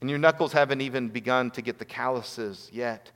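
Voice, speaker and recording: A man's voice: mid-range voice, a little fast, fairly bright tone. Man preaching in a reverberant hall. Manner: earnest, storytelling with acted quotes. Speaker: pastor. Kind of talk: sermon.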